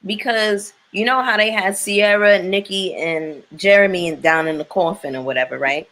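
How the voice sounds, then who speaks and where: A woman's voice: medium pitch, moderate pace, a bit bright. A woman hosting a casual chat with her viewers, blunt and opinionated, swearing freely as she reacts to a reality show.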